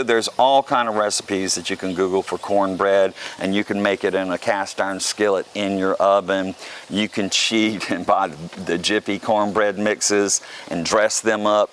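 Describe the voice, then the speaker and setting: A man's voice: on the low side, fairly bright tone. A man from the South Carolina coast, chatting casually and joking as a video host, with a faint hum behind him. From South Carolina Lowcountry. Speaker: vlog host. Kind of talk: casual talk to camera. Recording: faint background noise.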